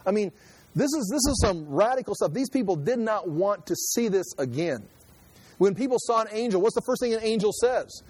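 A man giving conversational Bible teaching in an animated, joking way, acting out quotes and often restarting his sentences. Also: sits high, moderate pace, slightly rough, no room sound. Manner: animated, jokey, acts out quotes, frequent restarts. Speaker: preacher.

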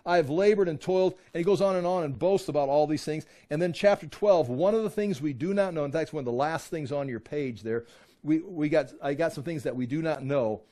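A man's voice: fairly high pitch, brisk, warm tone. A man teaching a Bible study, reading scripture aloud and then explaining it in a loose conversational way, often restarting his sentences.

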